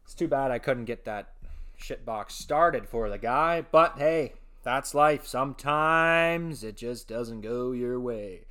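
Male podcast host, unhurried, foul-mouthed rambler with shouty bursts. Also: mid-range voice. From Ontario, Canada. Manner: profane, rambling, with sudden shouted outbursts. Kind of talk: casual solo podcast rant.

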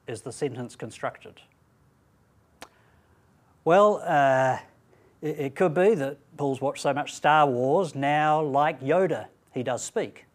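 Speaking in a voice on the high side, a man delivers a Bible talk to a student training event. His pace is deliberate and emphatic, and he asks rhetorical questions.

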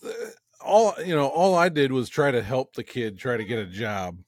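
A man chatting casually on a podcast, talking haltingly with frequent restarts. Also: mid-range voice, big pitch swings, dry recording, clean studio sound. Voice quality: halting, restarts often, laughs along. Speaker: podcast co-host. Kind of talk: casual chat.

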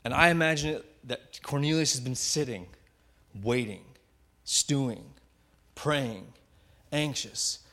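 A man preaching a sermon, retelling a Bible story vividly and often dropping to a hushed voice for effect. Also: medium pitch, slow, long pauses. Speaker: pastor.

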